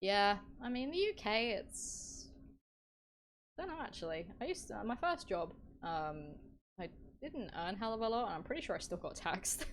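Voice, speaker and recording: A woman's voice: mid-range voice, expressive, normal speed, a little hiss or hum, low-quality recording. A young woman from England with an English accent, chatting casually with her live-stream audience, bubbly and giggly, often trailing off into sighs.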